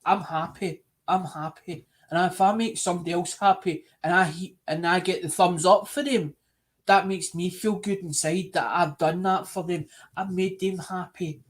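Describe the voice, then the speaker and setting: High-voiced rambling Scottish man. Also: fairly even intonation, normal speed. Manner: rambling, repeats himself, earnest. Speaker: live stream host. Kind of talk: casual live stream chat.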